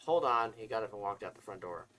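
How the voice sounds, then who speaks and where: A man's voice: on the low side, steady tone, fast, fairly bright tone, low-quality recording. A man casually reading fiction aloud, stumbling and restarting now and then. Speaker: story reader.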